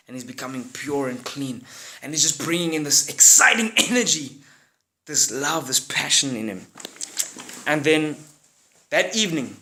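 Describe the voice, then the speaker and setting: A man telling a story with a casual, slangy flair that turns dramatic. His voice is bright and gravelly, sitting a touch high. The pitch swings widely.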